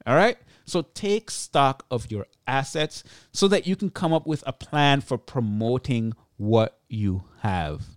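Male solo podcaster, tired but energetic, talks straight into a dead-dry mic. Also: mid-range voice, unhurried, few pauses, no room sound. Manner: energetic, chatty, self-deprecating asides. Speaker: podcast host. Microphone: close podcast mic.

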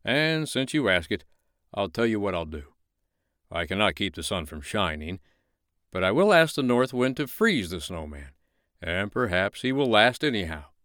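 A stern old Winter King from a bedtime story, gruff and brisk, voiced by a man. He hums and hesitates before deciding. The sound is close and dry. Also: on the low side, big pitch swings, a bit bright, no room sound.

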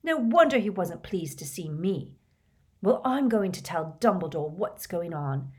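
A woman's voice: lowish voice, lively intonation, measured pace, breathy edge. An angry teenage boy wizard speaks tensely and snaps his words, as a woman reads him. It comes across as a storybook reading.

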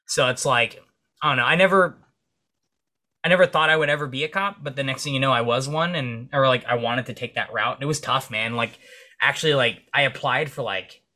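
A man's voice: mid-range voice, brisk, pushed and bright. A young man, a military veteran guest, telling stories in a casual, rambling way full of fillers and swearing. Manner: profane, rambling with many fillers. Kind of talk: casual storytelling in conversation.

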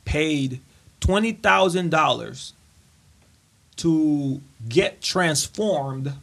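A man's voice: on the high side, animated, extremely slow, vocal fry, a bit bright. A man co-hosting a podcast in casual chat, curious and quizzing his friends with questions. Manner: curious, asks the group questions. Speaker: podcast co-host.

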